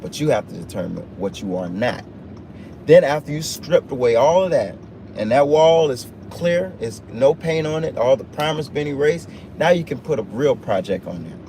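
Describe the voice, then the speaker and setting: Warm and animated, this man's mid-range voice moves at a moderate pace as he improvises a motivational speech on a phone livestream. His points land through emphatic repetition with a preaching rhythm, all against the noisy interior of a truck.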